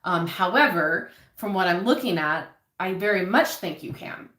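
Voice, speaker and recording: A woman giving a casual live tarot reading, talking softly and hesitantly with many pauses and ums. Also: lowish voice, animated. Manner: soft-spoken, hesitant, frequent ums, gets emotional. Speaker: tarot reader. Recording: echoey room.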